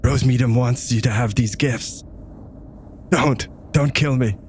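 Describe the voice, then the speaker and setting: A man's voice: medium pitch, measured pace, a little mellow, a little hiss or hum, close to an everyday voice. A man voicing a cowering male serpent person who pleads and stammers for his life. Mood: pleading.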